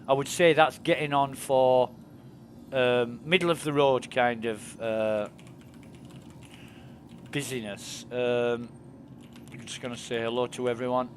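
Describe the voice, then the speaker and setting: The man's medium-pitched voice stays fairly even, a little slow, with long pauses and slight background noise. Streaming a video game from his home desk in the United Kingdom, he rambles casually, uses lots of fillers, and laughs at his own stories.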